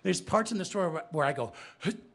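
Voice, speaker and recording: A man's voice: high voice, quick pace, gravelly, heavy background noise. A man giving a theatrical live storytelling performance in a bookstore, drawing the audience into call and response. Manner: animated, theatrical, engages the audience.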